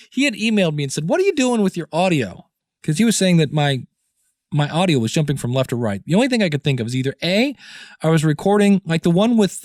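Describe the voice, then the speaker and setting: A fairly high-voiced man hosts a podcast tutorial in a loose, chatty way, full of "uh"s and "you know"s. He sounds close and dry, speaking right into a studio microphone in a small home studio. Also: darkish tone, no echo. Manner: chatty, filler-heavy, demonstrating gear live. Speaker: podcast host. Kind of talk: casual how-to talk. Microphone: studio microphones switched live, dynamic and condenser.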